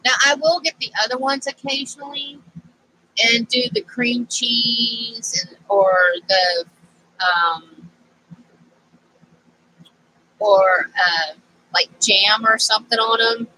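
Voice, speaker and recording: A woman chats unhurriedly to her camera while crafting at home, drifting off on tangents as she goes. Her voice is bright and sits a bit high for a woman. A faint background hiss runs under the camera-mic sound. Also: fairly even intonation, slow, low-quality recording. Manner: rambling and chatty, easily sidetracked. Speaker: craft vlogger. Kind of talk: casual crafting chat to camera.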